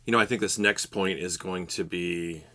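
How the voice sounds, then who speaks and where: Deep-voiced guy cohosting a podcast, calm advice-giving tone. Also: moderate pace. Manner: steady, explanatory, advice-giving. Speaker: podcast co-host. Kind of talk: casual podcast analysis.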